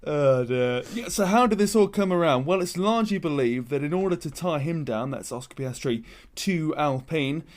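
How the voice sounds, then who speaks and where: A man co-hosting a chatty sports podcast, opinionated and animated, reading out news. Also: mid-range voice. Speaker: podcast co-host. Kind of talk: casual chat, reading news.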